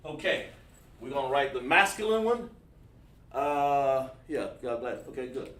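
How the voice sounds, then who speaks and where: A man's voice: medium pitch, a little slow, far from the mic. A man teaching a livestreamed language lesson, easygoing and repetitive, praising students by name as he writes on a board. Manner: relaxed, repetitive, thinks aloud while writing on a board. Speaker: class instructor. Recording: echoey room, speaking away from mic.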